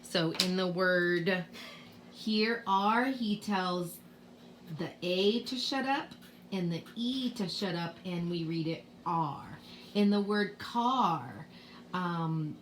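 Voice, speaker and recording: A woman's voice: lowish voice, slow, a little hiss or hum. A middle-aged woman teacher with a Boston accent, explaining spelling rules to parents in a home video lesson, patiently sounding out letters. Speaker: kindergarten teacher.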